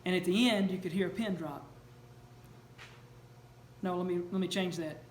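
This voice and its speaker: Speaking at a moderate pace in a high voice, a male preacher delivers an earnest, storytelling sermon full of questions. The recording catches the echo of the church sanctuary along with faint noise.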